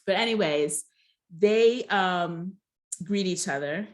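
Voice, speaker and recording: A woman's voice: on the low side, slow. A woman casually recapping a reality show episode, rambling with many fillers and giving blunt, gossipy opinions.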